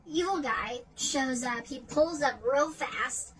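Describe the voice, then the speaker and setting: A woman's voice: sits high, slow, a bit bright, poor audio. A woman casually retelling a dream in a rambling way, full of "like" fillers and restarts. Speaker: storyteller.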